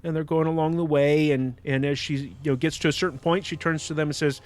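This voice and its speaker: A man's voice: on the high side, fairly even intonation, fairly quick, hardly any pauses, faint music behind. A man hosting a podcast, reflecting on a book in casual commentary with frequent restarts. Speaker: podcast host.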